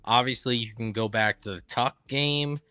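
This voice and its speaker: A man's voice: medium pitch, moderate pace, pushed and bright, clear, resonant tone, no room sound, soft background music. A man co-hosting a sports talk show, making his case with stats and repeating key points for emphasis. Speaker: sports podcast co-host. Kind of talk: casual sports debate.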